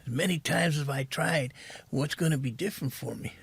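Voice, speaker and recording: A middle-aged man telling his recovery story as a podcast guest, soft-spoken and halting, saying "man" often. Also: a little high, vocal fry, slightly rough.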